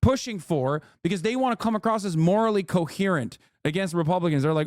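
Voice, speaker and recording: A man's voice: high-pitched, lively intonation, fast talker, few pauses, a little mellow, dry recording, clean studio sound. A man streamer giving heated political commentary, ranting with exasperation and heavy swearing. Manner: mocks others in put-on voices.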